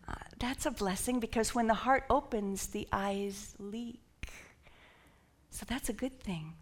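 A woman minister giving an animated sermon, dropping to whispers and rising to shouts as she leads the congregation in call and response. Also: medium pitch, a little slow.

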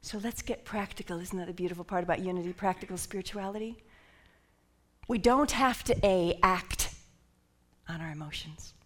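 A woman minister giving an animated sermon, dropping to whispers and rising to shouts as she leads the congregation in call and response. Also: fairly low pitch, moderate pace.

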